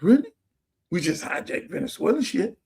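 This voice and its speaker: On his stream, a high-voiced man rants to viewers at a moderate pace, his tone gravelly and husky. He's animated and blunt, swearing and using street slang. The host talks into a streaming setup mic.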